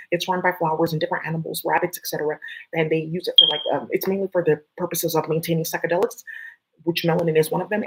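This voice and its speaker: Gravelly, husky rambling vlogger. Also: medium pitch, poor audio. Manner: rambling and conspiratorial, with many fillers. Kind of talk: casual rambling monologue.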